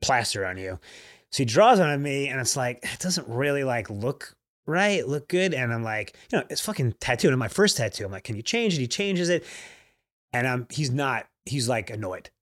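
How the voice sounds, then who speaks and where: Lively man telling a story. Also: mid-range voice, normal speed. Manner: animated storyteller, filler-heavy. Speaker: podcast co-host. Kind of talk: casual chat.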